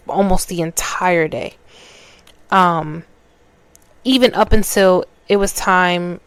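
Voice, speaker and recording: A woman talks through a personal story on her podcast, casual and loose, often restarting mid-sentence. Her voice sits fairly low and sounds smooth and clear. The recording is dry and close, with no room sound. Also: dry recording. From New York. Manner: conversational, restarts mid-sentence, acts out quoted dialogue. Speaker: podcast host.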